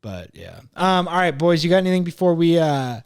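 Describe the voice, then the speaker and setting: A man hosting a podcast in casual chat, animated and profane, acting out what others said. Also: on the high side, brisk, creaky, clear, resonant tone. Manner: animated, swears a lot, acts out quotes. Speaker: podcast host.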